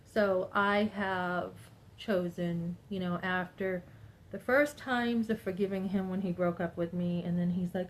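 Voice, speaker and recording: A woman's voice: fairly low pitch, fairly even intonation, unhurried, a little hiss or hum, poor audio. A woman in her fifties talking to her viewers in a personal monologue. She sounds upset and speaks emphatically, rambling and acting out what other people said. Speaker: vlogger.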